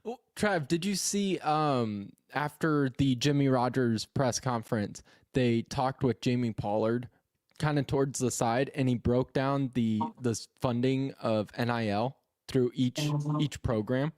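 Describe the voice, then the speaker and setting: A man on a sports radio show, asking a question in a relaxed, casual way with a few hesitations. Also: mid-range voice, unhurried, no echo, clean studio sound.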